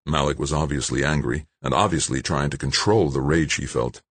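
Very deep-voiced man reading a novel. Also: moderate pace, few pauses, breathy edge, no room sound. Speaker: audiobook narrator. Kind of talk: scripted narration.

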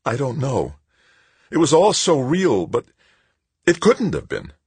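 A man's voice: medium pitch, wildly swooping pitch, unhurried, darkish tone, husky, no echo, voice pushed up, full character voice. A man playing a rattled, anxious patient. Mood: distressed. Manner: pleading, rattled.

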